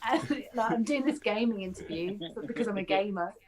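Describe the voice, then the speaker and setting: A woman's voice: medium pitch, moderate pace, crowd noise. A woman hosting a casual podcast chat, telling rambling stories and laughing often. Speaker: podcast host.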